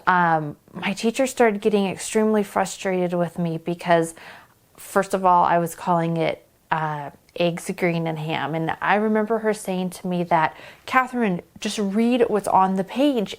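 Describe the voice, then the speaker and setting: A young woman telling a personal story to the camera, halting and emotional, with pauses and fillers. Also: lowish voice. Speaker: vlogger.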